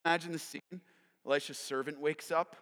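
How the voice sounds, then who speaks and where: A man preaching a sermon as pastor, swinging from hushed whispers to loud shouts and acting out characters playfully. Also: a little high, steady tone, a little fast. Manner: dynamic preaching, dropping to whispers and rising to shouts; acts out characters in playful voices. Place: church sanctuary. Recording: long reverb of a large hall.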